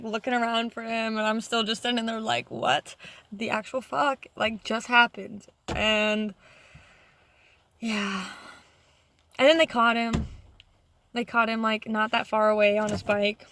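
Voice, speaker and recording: A young adult woman vlogging casually to camera, rambling through a story with heavy profanity and animated retelling. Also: fairly high pitch, a little hiss or hum.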